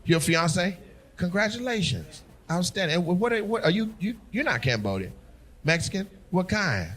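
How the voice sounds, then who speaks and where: A man's voice: high-pitched, big pitch swings, normal speed, fairly bright tone. A middle-aged man, a stand-up comedian doing crowd work on stage, brash, teasing and profane with the audience. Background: audience laughter.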